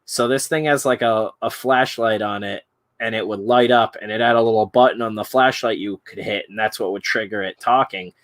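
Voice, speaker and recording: A man's voice: lowish voice, fairly quick. Guy hosting a stream, tells stories, swears and laughs a lot. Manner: laughing storyteller, crude and animated. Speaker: stream host. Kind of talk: casual chat.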